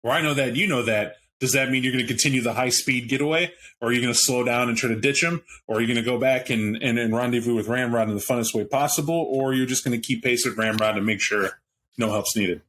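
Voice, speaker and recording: Animated man running a tabletop game. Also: medium pitch, fast, slight background noise, rough recording. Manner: rambling, animated narration with restarts. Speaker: game master. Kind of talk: narrating a tabletop role-playing game.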